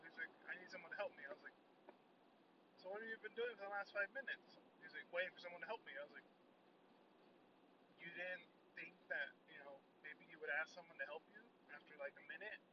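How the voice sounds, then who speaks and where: Young guy ranting and cussing on a podcast, kinda high voice, far off mic with hiss behind. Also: fast talker. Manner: profane, animated retelling of a customer. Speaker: podcast host. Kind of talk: casual storytelling rant. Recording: distant, muffled, noisy recording.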